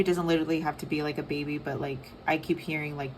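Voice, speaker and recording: A young woman giving a casual tarot reading, soft and rambling with many fillers. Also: sits low, steady tone, quick pace, slight background noise. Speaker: tarot reader.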